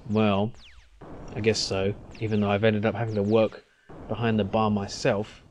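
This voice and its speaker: A man's voice: lowish voice, completely flat delivery, moderate pace, darkish tone, slight background noise, lightly acted. A man voicing a grumpy middle-aged bar owner who talks bluntly and dismissively. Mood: gruff.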